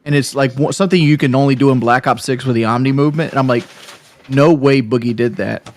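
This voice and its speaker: A man's voice: mid-range voice, very fast. A man guest casually explaining how he played a match, with lots of fillers. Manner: relaxed, explanatory, filler-heavy. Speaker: gamer guest. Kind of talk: casual chat.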